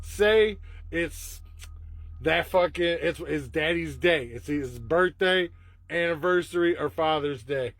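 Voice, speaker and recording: A man's voice: on the high side, takes it slowly, a bit bright, dry recording. A man asking crude joking questions and laughing as he talks. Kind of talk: crude casual chat.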